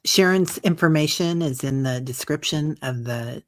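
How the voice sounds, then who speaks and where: A woman hosting an interview, supportive and quick to agree with her guest. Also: deep voice. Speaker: host. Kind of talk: casual conversational interview.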